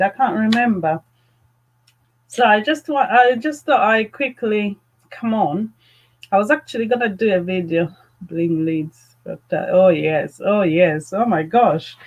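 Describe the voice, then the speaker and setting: A woman hosting a live fragrance chat, gushing with excitement and greeting viewers by name. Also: mid-range voice, low-quality recording. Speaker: fragrance channel host.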